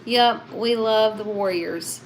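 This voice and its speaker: A woman's voice: mid-range voice, takes it slowly, a little hiss or hum, low-quality recording. A woman hosting a casual livestream, chatting and reading viewer comments aloud. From Southern United States.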